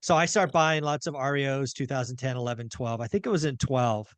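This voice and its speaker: A man hosting a casual podcast interview, telling stories with lively, acted-out reactions. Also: mid-range voice, brisk, smooth, no echo. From California. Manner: animated storyteller, acts out his own reactions. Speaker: podcast host.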